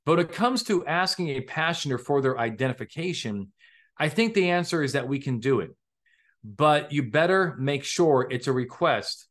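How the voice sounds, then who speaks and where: A man's voice: a little high, lively intonation, normal speed, fairly bright tone. A man hosting a live online legal training for police officers, lecturing casually and quizzing his audience with questions.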